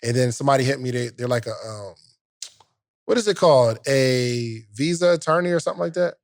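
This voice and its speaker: A man's voice: medium pitch, a little fast, dry recording, clean studio sound. A man co-hosting a podcast, casually retelling a story with lots of quoted back-and-forth and street slang. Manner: animated retelling with quoted dialogue, slang-heavy. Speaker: podcast co-host.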